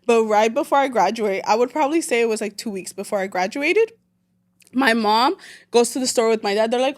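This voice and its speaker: This late-twenties woman from El Salvador is a podcast guest telling a personal story in casual chat. Her voice is a little high and brisk, animated and slangy, with Spanish phrases slipped into her English.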